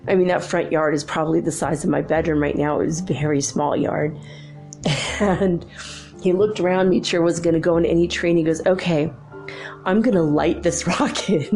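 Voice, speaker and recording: A woman's voice: low voice, a little fast, soft background music. A woman hosting her own spiritual channel, chatting casually and telling a childhood story with frequent laughter. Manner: chatty, laughs often, lively retelling.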